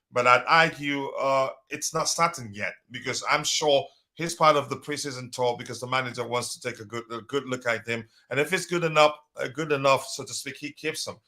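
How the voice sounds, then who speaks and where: A man's voice: mid-range voice, steady tone, moderate pace, sharp tone. A man hosting a casual live stream, talking loosely with many fillers and restarts. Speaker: podcast host.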